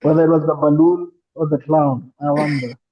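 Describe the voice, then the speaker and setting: A man's voice: fairly high pitch, steady tone, normal speed, breathy edge, dull audio. A man co-hosting a casual movie podcast, making wry, dry jokes. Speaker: podcast co-host.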